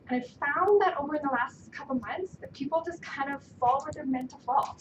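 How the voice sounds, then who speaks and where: A woman giving an animated personal testimonial at a team training meeting, acting out dialogue with bursts of excitement. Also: high-pitched, moderate pace, muffled recording, noisy background. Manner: animated, acts out dialogue loudly. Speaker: team member sharing her story. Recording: echoey room, from a distance.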